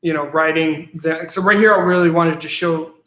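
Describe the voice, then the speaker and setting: Excited guy explaining his comic, repeats himself a lot, pretty high voice. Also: normal speed, echoey room. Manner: eager, repeats words while explaining. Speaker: guest comic creator. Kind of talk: casual interview chat.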